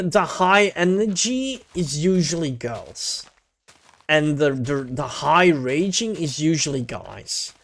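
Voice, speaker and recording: A male VTuber chatting casually with his stream, laid-back and rambling, with casual swearing. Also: a little high.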